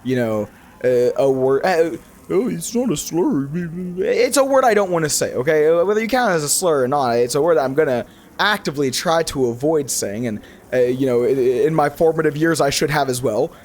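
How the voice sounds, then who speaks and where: This young YouTuber, voice a little high and pace a little fast, gives loose, spirited commentary as he plays a video game. He rambles and keeps restarting sentences to correct himself.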